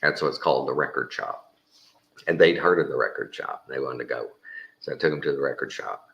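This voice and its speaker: A man's voice: extremely low pitch, a little fast, creaky, a bit bright, highs cut off. A man telling a rambling, folksy anecdote in a casual way, sprinkled with mild swearing. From Texas. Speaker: storyteller.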